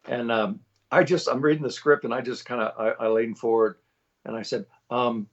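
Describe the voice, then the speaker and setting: A man in his fifties, a voiceover actor, telling lively stories in an interview and acting out the quotes. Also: mid-range voice, a little fast, dull audio. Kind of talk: anecdotal storytelling in an interview.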